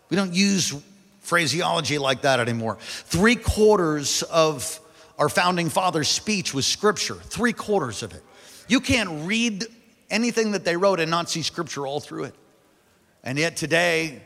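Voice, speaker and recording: A male pastor preaching a sermon to a large congregation, building to loud emphatic peaks and calling for responses. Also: mid-range voice. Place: large church hall. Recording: long hall reverb.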